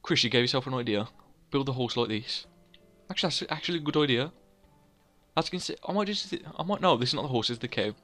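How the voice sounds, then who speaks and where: A young man talks through his building in a loose, chatty way. He rambles, corrects himself and pokes fun at himself in a voice of ordinary pitch. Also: expressive, quick pace, bright, forceful tone, soft background music. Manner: rambling, self-mocking, chatty, laughs at own jokes. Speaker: let's play host. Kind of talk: casual gameplay commentary.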